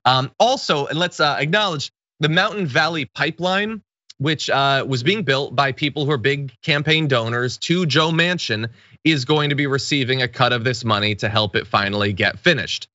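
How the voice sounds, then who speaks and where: Male political commentary host, wry and sarcastic; bright, forceful tone, dry studio. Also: mid-range voice, normal speed, no echo, dull audio.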